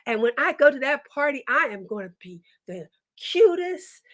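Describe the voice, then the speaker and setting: A woman's voice: high voice, sing-song, moderate pace. A woman voicing a vain young milkmaid who daydreams and boasts as a storyteller acts it out. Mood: dreamy.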